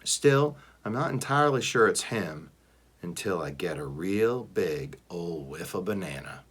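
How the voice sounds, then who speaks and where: Expressive man reading a novel aloud. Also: low-pitched, measured pace, slightly rough. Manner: expressive, shifts between voices. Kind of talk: first-person novel read-aloud.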